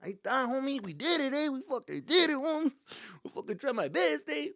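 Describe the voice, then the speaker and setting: A man's voice: extremely high pitch, sing-song, brisk, creaky, sharp tone, no echo, voice pushed up, heavily acted. A man voicing an overjoyed, cocky teenage boy who thanks his homies in cholo slang and swears a lot.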